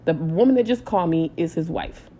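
A woman in her thirties telling a personal story in a casual, animated way, blunt and swearing freely. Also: low voice, fairly quick, slight background noise. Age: 30s. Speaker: storytime vlogger.

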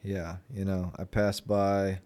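Rambling sarcastic young man, low voice. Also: little pitch movement, slow pace, warm tone. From Florida, United States. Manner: rambling, sarcastic, with many fillers. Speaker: vlogger. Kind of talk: casual chat.

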